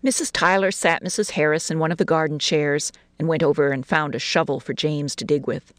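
A woman narrating a short story in an expressive, lilting reading voice. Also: sits low, a little fast, no room sound.

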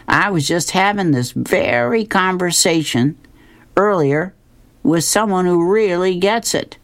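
A woman voicing a cheerful, smug mailman, slightly raised in pitch. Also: unhurried, dry recording, close to an everyday voice.

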